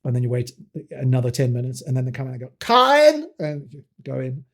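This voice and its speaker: A middle-aged South African man, a guest actor, telling animated stories in a casual interview, restarting often and laughing. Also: mid-range voice, very fast, creaky.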